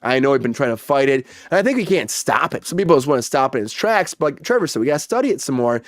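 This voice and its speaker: A man's voice: medium pitch, big pitch swings, fast talker, no room sound, clean studio sound. A man hosting a casual online panel chat, chatty and easygoing, handing questions to his guests. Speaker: host. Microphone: video call.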